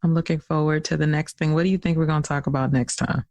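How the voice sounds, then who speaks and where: A woman from Virginia co-hosting a podcast, chatting casually with playful teasing and drawn-out emphasis. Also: deep voice, steady tone, a little mellow, no echo. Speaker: podcast co-host. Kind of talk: casual chat.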